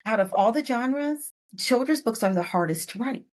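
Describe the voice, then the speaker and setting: A middle-aged woman author telling stories in a podcast interview, expressive and playful with asides. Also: fairly high pitch, normal speed. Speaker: guest author. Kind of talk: podcast interview, casual storytelling.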